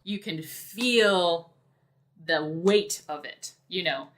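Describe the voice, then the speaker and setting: A woman with a somewhat low voice talks very slowly on a casual podcast. As a dungeon master, she explains her ideas in an unhurried, thoughtful way, with plenty of "you know" and "like." She sounds like a relaxed guest chatting with the hosts. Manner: unhurried, thoughtful, many fillers.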